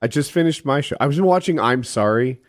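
A man's voice: medium pitch, lively intonation, fairly quick, no echo, studio quality. A man in casual podcast chat, teasing and skeptical, dropping short quips and laughing easily.

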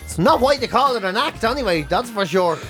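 A man's voice: high voice, lively intonation, fairly quick, a bit bright, faint music behind. An Irish man co-hosting a radio podcast, rambling through stories about himself, swearing freely in casual chat. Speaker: radio co-host. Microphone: studio microphone.

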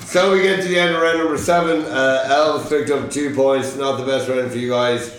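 A man's voice: mid-range voice, fairly even intonation, moderate pace. A man hosting a podcast quiz, joking with the players and swearing casually. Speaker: podcast host, quizmaster. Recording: echoey room, mic at a distance, noisy.

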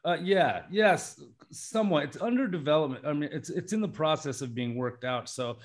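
A man's voice: a little high, expressive, moderate pace. A man from Alaska talking as a podcast guest, hesitant and full of fillers and restarts. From Alaska, United States. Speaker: podcast guest, English teacher. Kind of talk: casual podcast interview. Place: Thailand.

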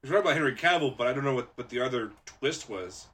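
A man joining a podcast chat about a movie, jumping in quickly from away from the mic. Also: medium pitch, lively intonation, a bit bright, husky. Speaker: podcast guest co-host.

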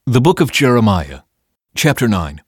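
A man reading scripture aloud in a measured, solemn and dramatic narration. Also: mid-range voice, big pitch swings, breathy edge, dry recording, studio quality. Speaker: scripture reader.

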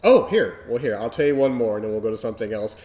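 A man in his forties chats on a podcast in a slightly low voice. He tells stories in a mellow, rambling way, full of fillers and restarts. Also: animated, fast. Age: 40s. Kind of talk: casual chat, storytelling.

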